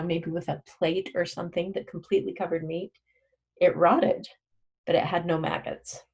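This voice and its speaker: A woman's voice: fairly low pitch, gravelly, a little mellow, husky. A woman teaching a recorded biology lesson, explaining step by step, correcting herself as she goes and quizzing with questions she answers herself.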